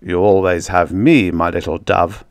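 A man doing a booming, bearish big linguist. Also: fairly even intonation, unhurried, creaky, dry recording, clean studio sound. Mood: teasing. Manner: booming, boisterous.

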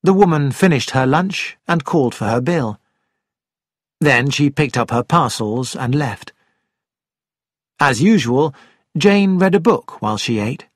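A man narrating a story in a clear, measured reading voice. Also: medium pitch, expressive, no room sound, studio quality. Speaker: reader. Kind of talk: scripted narration.

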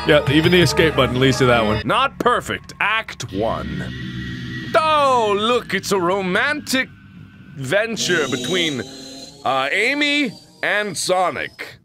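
A man giving jokey, excitable commentary while playing a horror game, often yelping. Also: sits high. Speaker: gaming commentator. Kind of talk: let's play commentary. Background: game music.

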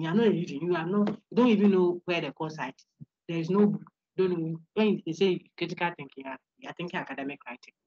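A woman's voice: lowish voice, husky, no echo, lo-fi sound. A woman lecturer, giving an interactive online lecture, laughing often and quizzing her students. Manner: animated, laughs often, asks students questions. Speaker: university lecturer.

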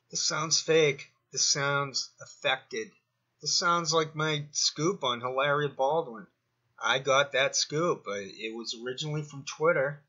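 Dude rambling on his commentary channel, tense bright voice, kinda muffled audio. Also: medium pitch. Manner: digressive, talks himself through points.

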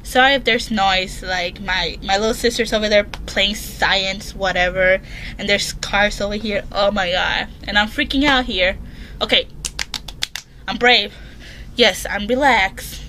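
Bright-voiced woman in horror game commentary. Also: medium pitch, fairly even intonation, a little slow, a little hiss or hum. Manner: reads questions aloud and answers them, jumpy and chatty. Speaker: gaming channel host. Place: her bedroom at home.

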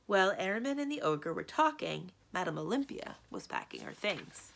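Expressive woman reading a storybook aloud. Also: on the low side, moderate pace, vocal fry, hardly any pauses. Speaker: librarian. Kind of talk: children's read-aloud narration.

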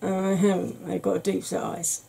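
A woman hosting a soft-spoken ASMR makeup tutorial, chatty and explanatory, sometimes dropping into a whisper. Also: on the low side, flat delivery, measured pace, vocal fry, husky, poor audio.

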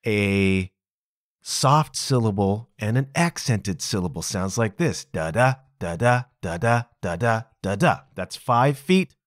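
A man's voice: medium pitch, dry recording, studio quality. A man hosting a podcast, explaining a topic in a casual, emphatic solo talk. He keeps checking in with "okay?" and chuckles at his own asides. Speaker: podcast host.

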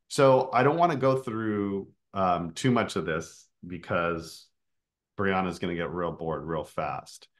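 A man's voice: deep voice, a bit bright. A man coaching speakers in a casual online session, explaining with filler words.

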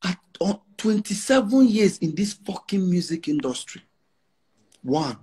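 A man's voice: high voice, very animated, a little slow, mellow, breathy edge. A man around forty with a Nigerian Pidgin English accent, a musician talking brashly and emphatically in a casual interview, repeating lines for effect. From Nigeria, Igbo. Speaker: musician guest.

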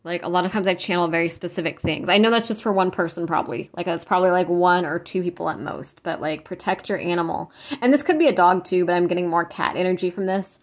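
A woman's voice: lowish voice, fast talker, hardly any pauses. A woman giving a casual psychic tarot reading, talking in a rambling, earnest way with many restarts and fillers, and openly moved as she speaks. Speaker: tarot reader.

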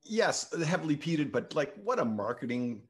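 A man's voice: a little high, big pitch swings, normal speed, a crowd in the background. A man hosts a laid-back whisky tasting show. He talks in a chatty way, drifting into little side stories about friends and releases. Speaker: host. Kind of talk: casual chat.

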